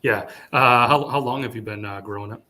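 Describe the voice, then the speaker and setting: A man from upstate New York hosting a casual chat, relaxed and rambling with lots of fillers. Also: medium pitch, brisk. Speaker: podcast host. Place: hotel room.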